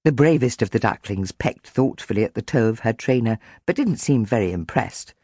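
A woman narrating a children's audiobook with lively, animated storytelling. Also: rumbling low, normal speed, slightly rough, dry recording, clean studio sound.

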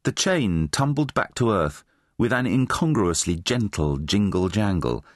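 A man's voice: fairly low pitch, unhurried, no room sound, clean studio sound. A man narrating a children's fantasy audiobook, reading expressively. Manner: expressive, voices many characters. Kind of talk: scripted storybook narration.

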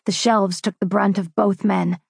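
A woman narrating a first-person fantasy romance audiobook in a dramatic, measured, intense way. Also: mid-range voice, flat delivery, creaky, breathy edge, no echo, studio quality.

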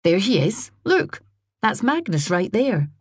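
A woman voicing a cheerful young father, all brightness and brisk encouragement as he coaxes his little boy. The tone is a touch lifted and husky, read close and dry in a storybook telling. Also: low voice, big pitch swings, dry recording, full character voice. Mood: firm, breezy.

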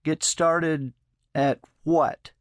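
A man voicing a guarded, sullen young man who answers flatly and curtly. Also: high-pitched, fairly quick, no echo, clean studio sound, pitched above the performer's own voice. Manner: flat, curt.

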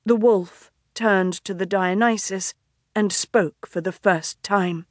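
Woman audiobook narrator, unhurried and measured, dry close studio read. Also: mid-range voice, dry recording. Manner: measured, even storytelling. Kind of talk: scripted narration. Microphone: studio microphone, close.

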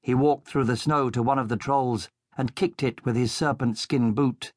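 A man narrating a children's audiobook in a steady, measured storytelling voice into a studio microphone. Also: mid-range voice, dry recording.

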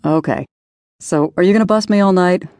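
A woman's voice: on the low side, a little fast, a little mellow, dry recording, voice pushed up, lightly acted. A woman voicing a charming young male singer who talks in an easygoing, slightly sheepish way.

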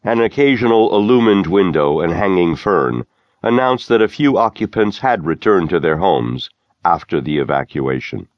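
Deep-voiced man narrating an audiobook. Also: no echo, dull audio. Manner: measured, steady storytelling. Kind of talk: scripted narration.

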